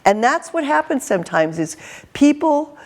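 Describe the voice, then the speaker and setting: A woman in her fifties, a career counselor, telling lively stories in an interview with an intense manner and frequent laughter. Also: high-pitched, moderate pace. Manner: animated, laughing storyteller. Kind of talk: storytelling in an interview.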